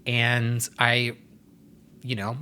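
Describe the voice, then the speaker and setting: A man's voice: mid-range voice, monotone, very slow, sharp tone, clean tone. A young man hosting his own vlog, talking in a rambling, chatty way with sassy slang. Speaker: vlogger host. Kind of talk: casual chat to camera.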